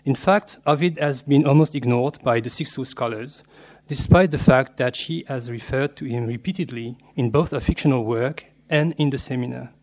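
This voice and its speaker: Male lecturer, academic talk read from notes, measured, scholarly, mid-pitched voice. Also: a little mellow. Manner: measured and scholarly, slipping in Latin and French terms. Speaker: literature scholar giving a lecture.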